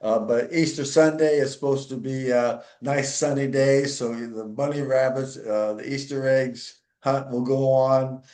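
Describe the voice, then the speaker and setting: A man's voice: medium pitch, fairly even intonation, a little mellow. Easygoing male podcast host, echoey room. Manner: easygoing storyteller, many filler pauses. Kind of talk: casual storytelling chat. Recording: roomy echo.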